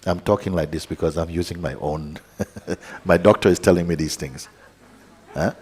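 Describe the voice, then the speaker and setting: A man giving a calm, unhurried satsang teaching as a spiritual teacher, pausing often and speaking softly. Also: low voice, slightly rough. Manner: calm, unhurried, with pauses and soft asides. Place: large meeting hall. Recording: hall with long reverb.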